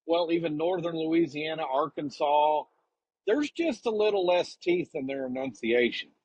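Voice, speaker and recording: Jokey podcast guy, husky voice, bit higher pitch, throwing blunt jabs. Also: expressive, normal speed, darkish tone, no echo, rough recording. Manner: teasing, blunt jokes. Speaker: podcast co-host. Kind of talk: casual chat.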